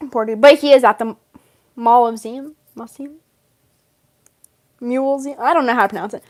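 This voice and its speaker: A woman's voice: a little high, moderate pace, pauses often, darkish tone. A young woman rambling casually in character, giggling often and filling gaps with ums and you-knows. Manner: giggly, rambling, lots of fillers and laughs. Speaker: vlogger role-playing a game character.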